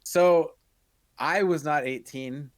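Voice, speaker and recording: A man's voice: a little high, takes it slowly, no room sound. A young man telling a casual, profane story on a podcast, laughing through his punchlines. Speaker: podcast co-host.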